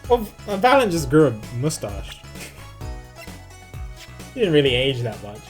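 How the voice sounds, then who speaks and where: A man's voice: medium pitch, animated, slow pace, soft background music. A man streaming a video game, giving casual, rambling and self-deprecating commentary as he plays.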